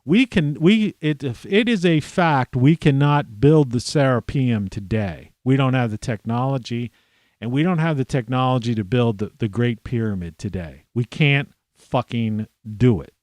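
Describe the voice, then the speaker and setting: A middle-aged man rants in a loose, rambling monologue, swearing freely and breaking off mid-sentence to restart. His voice sits at an ordinary pitch, close to the mic in a dry room with no echo. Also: expressive, moderate pace, darkish tone. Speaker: video blogger. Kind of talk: profane ranting monologue.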